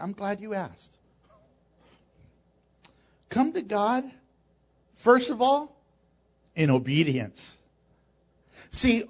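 A male pastor preaching a sermon in a church, animated and joking with laughing asides. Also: high voice, dull audio.

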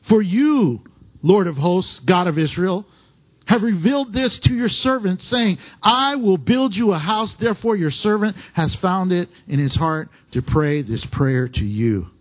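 Husky-voiced man preaching a sermon. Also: sits high, lively intonation, unhurried, lo-fi sound. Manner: emotional, rising and falling preaching with scripture readings. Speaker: pastor.

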